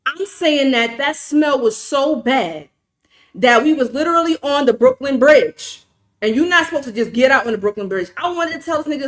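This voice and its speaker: With a high, fairly bright voice and lively intonation at a normal pace, a livestream host from New York City spins a story in her New York accent. She's casual, emphatic and profane, responding to her chat as she reads it.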